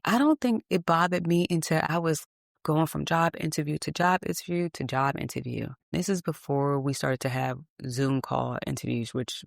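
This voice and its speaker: A woman's voice: extremely low pitch, gravelly, no room sound, studio quality. A woman hosting a reflective solo podcast, talking candidly and emphatically with salty asides. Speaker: podcast host.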